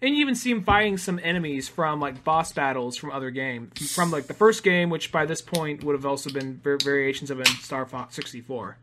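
A man's voice: on the high side, fairly quick, few pauses, bright, forceful tone, slight background noise. A man co-hosting a podcast in casual chat, rambling with fillers and swearing now and then. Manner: rambling, many fillers and restarts, profane. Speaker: podcast co-host.

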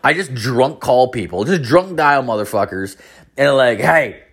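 Speaking at a moderate pace with a medium-pitched voice that swings widely in pitch, a hungover man in his late thirties rambles through a casual story. It's full of swearing and centers on drunk calls and hangovers.

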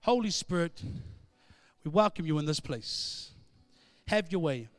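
A man preaching a sermon, moving between conversational storytelling and loud, emphatic call-and-response. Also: fairly high pitch, animated, measured pace, no room sound.

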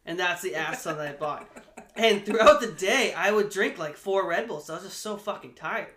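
Bright-voiced man in an echoey room. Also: sits high, normal speed. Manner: loose, rambling and profane. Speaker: podcast co-host. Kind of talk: casual beer-tasting banter.

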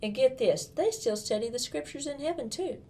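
A woman's voice: high voice, animated, normal speed, dark tone. A woman reading a first-person storybook as a young girl, in a bubbly, gushing manner full of childlike enthusiasm.

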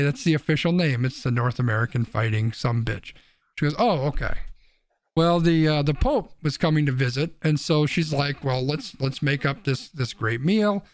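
A man's voice: a little high, lively intonation, moderate pace, no echo. A man co-hosting a casual podcast, telling a joke in a rambling way with restarts. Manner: rambling, restarts, laughs at own jokes. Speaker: podcast co-host.

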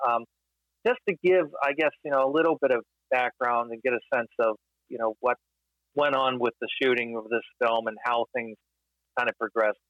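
A man talking through film history in a casual podcast discussion, thoughtful and measured, with many fillers. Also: medium pitch, dry recording, highs cut off.

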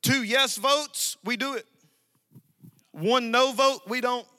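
A man preaching a sermon to a congregation, emphatic and repetitive, with sudden loud outbursts. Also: extremely high pitch, slow. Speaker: pastor. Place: church sanctuary. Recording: dry sound with long hall reverb.

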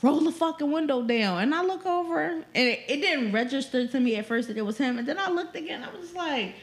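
Brief: pregnant young woman, co-host, raised pitch, profane animated storyteller. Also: fast talker. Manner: profane, animated storytelling, quotes people often. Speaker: podcast co-host. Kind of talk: casual storytelling chat.

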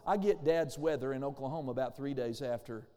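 A man's voice: mid-range voice, brisk, mellow, long reverb tail. A man pastor preaching a sermon, calling for amens and acting out the voices he quotes.

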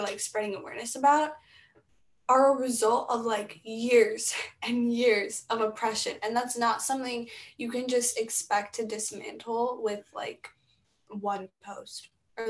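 A young woman co-hosting a podcast, chatting casually and choosing her words with care. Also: on the high side. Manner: thoughtful, careful, hedging. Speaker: podcast co-host. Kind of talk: casual chat.

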